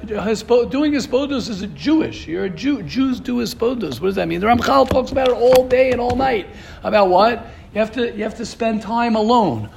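High-voiced man teaching an informal Torah class. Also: lively intonation, a little fast, gravelly, darkish tone, a little hiss or hum. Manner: repetitive, rhetorical questions, restarts.

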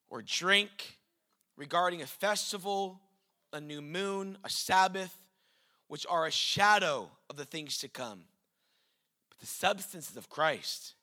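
A man preaching a sermon, passionate and building to shouts before easing into conversational teaching. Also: high-pitched, expressive, slow. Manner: impassioned, rising to shouts then dropping to conversational teaching.

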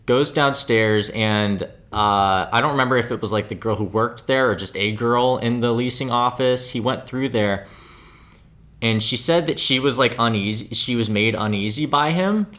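A man's voice: medium pitch, normal speed, a bit bright. A young man co-hosting a casual podcast, telling a crime story loosely with many fillers and restarts. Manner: rambling, lots of fillers and restarts. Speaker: podcast co-host. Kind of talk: casual true-crime chat.

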